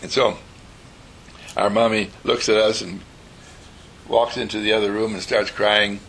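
A man giving an inspirational talk as an animated storyteller who acts out voices and laughs. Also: lowish voice, unhurried, slight background noise.

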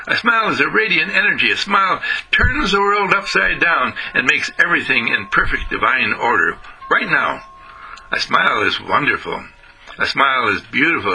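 Lively, bright-voiced man giving an uplifting radio talk. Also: a little high, creaky, poor audio. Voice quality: animated, sing-song emphatic delivery. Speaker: spiritual speaker.

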